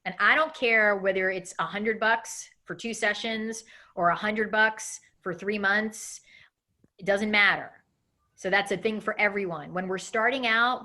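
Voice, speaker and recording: A woman in her thirties leading a live coaching webinar, talking quickly and acting out example messages in an animated way. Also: mid-range voice. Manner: fast, animated, acts out example emails. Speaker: coaching instructor.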